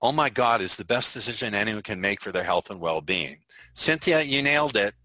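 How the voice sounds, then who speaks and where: Forceful low-voiced male sales trainer. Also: expressive, brisk, dry recording, low-quality recording. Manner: emphatic and repetitive, drills phrases. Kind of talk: online webinar teaching.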